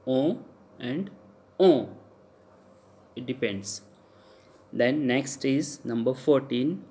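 A man's voice: mid-range voice, steady tone, slow pace, warm tone. A man with an Indian English accent teaching French pronunciation in a recorded lecture. He repeats each example sound several times and hesitates with fillers.

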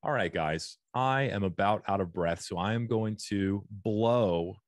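A man's voice: on the low side, measured pace, dry recording, studio quality. A man hosting a comedy podcast who talks in a goofy, joking way full of rambling asides, recorded on a podcast mic. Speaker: podcast host.

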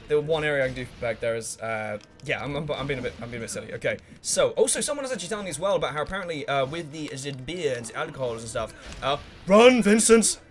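Excitable swearing gamer with lively pitch. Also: male voice, rapid-fire, hardly any pauses, faint music behind. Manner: excitable, swears freely, hums while thinking, talks to game characters. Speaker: let's play gamer. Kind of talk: live gameplay commentary.

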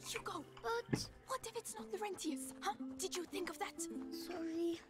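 A very high, determined teenage girl in a video game, urging her little brother along in quick, hushed tones. Loud game music plays behind her. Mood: tense. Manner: urgent, hushed when sneaking.

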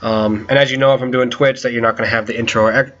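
Bright-voiced man swearing through gameplay. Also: mid-range voice, steady tone, fast talker, muffled recording. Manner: frustrated, swearing, loud outbursts. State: unwell, headache. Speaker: gaming video creator. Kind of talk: casual gameplay commentary.

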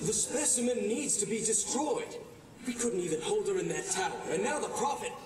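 An actor playing a manipulative male asylum doctor who speaks in a calm, clinical, condescending way. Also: high voice, a little fast, noisy background. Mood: scheming. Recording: roomy game audio from far off.

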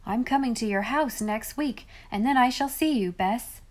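A woman's voice: on the high side, normal speed, lightly acted. A hopeful young boy in a storybook, cheering himself at a goodbye, as a woman reader puts him on. His voice rises a little above the reader's own. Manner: consoling himself.

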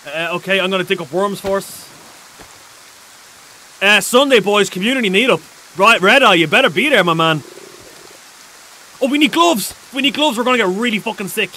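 An excitable man hosts a casual gaming livestream, his voice pitched high for a guy and bright, almost edgy. A faint hiss sits under his talk. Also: normal speed, pauses often, rough recording. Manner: excitable, reads out chat messages. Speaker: streamer.

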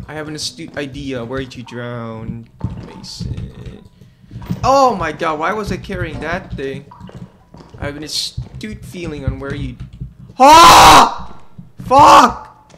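Playing a co-op video game with friends, this male gamer chats casually, yelps when startled and coos baby-talk at a creature in an excitable way. His voice is fairly high and unhurried, with background noise.

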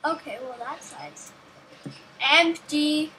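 A woman's voice: high-pitched, expressive, takes it slowly, noisy background. A woman giving casual, rambling gameplay commentary, talking to herself and joking as she plays. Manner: rambling, self-talking, jokey.

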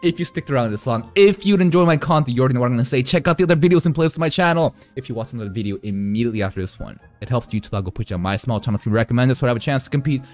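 Excitable man with a lively voice. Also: medium pitch, rapid-fire, hardly any pauses, faint music behind. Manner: excitable, swears freely, thinks aloud; wry, playful running commentary. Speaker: anime reaction streamer. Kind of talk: casual live reaction commentary.

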